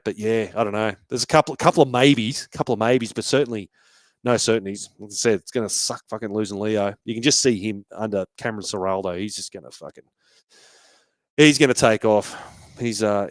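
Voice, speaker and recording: A man's voice: lowish voice, no room sound. A man hosting a casual fan podcast, talking with feeling, swearing freely and restarting his sentences often. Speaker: podcast host.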